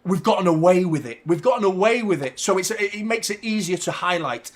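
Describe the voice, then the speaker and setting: A man hosting a live football watchalong, talking casually to his audience, often swearing and getting loud and frustrated about the match. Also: high-pitched, brisk. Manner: ranting, swearing, frustrated, shouting when excited. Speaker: football channel host.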